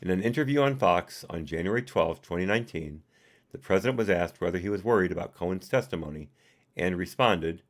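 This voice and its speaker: A man's voice: sits low, lively intonation, brisk. A man doing a live reading of a report, reading the punctuation aloud and adding his own asides. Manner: reads punctuation aloud and adds personal asides. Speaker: reader and commentator.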